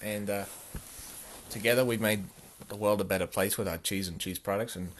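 A man's voice: fairly low pitch, fairly even intonation, fairly quick, pauses often. A man co-hosting an improvised comedy podcast, rambling in a mock-earnest way. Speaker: podcast co-host.

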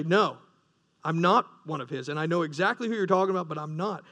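A man preaching a sermon, earnest, with rising emphasis and frequent restarts. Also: high voice. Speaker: pastor.

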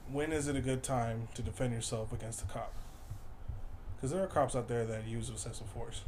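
A man chats casually in a relaxed, reflective way, pausing and restarting as he thinks. His voice sits at an ordinary pitch. A faint hiss lies under it. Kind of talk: casual chat.

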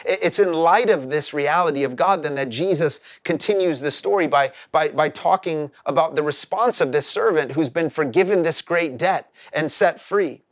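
A man's voice: on the high side, moderate pace, few pauses, no echo, studio quality. Earnest man preaching, stumbling into phrases. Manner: stumbles and repeats words at the start of phrases; earnest and explanatory. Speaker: pastor. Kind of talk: sermon.

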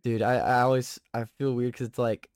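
Excitable young man hosting a podcast. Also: medium pitch, normal speed, no room sound, clean studio sound. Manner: excitable, rambling, restarts often. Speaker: podcast host. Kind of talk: casual sports podcast chat.

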